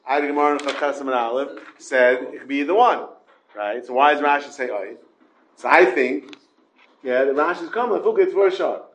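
A man's voice: mid-range voice, normal speed, fairly bright tone, low-quality recording. A man with a Yeshiva English accent teaching an informal Talmud class, mixing Hebrew and Yiddish terms into his English and questioning his students.

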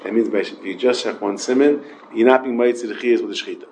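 A man's voice: mid-range voice, quick pace, a little mellow, slight background noise, low-quality recording. A man with a Yeshiva English accent teaching an informal Talmud class, mixing Hebrew and Yiddish terms into his English and questioning his students.

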